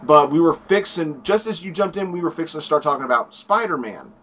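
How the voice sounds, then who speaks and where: A man's voice: fairly high pitch, lively intonation, fairly quick, a bit bright. A man hosting a comic book chat, rambling casually and acting out lines he quotes. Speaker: comic book video reviewer.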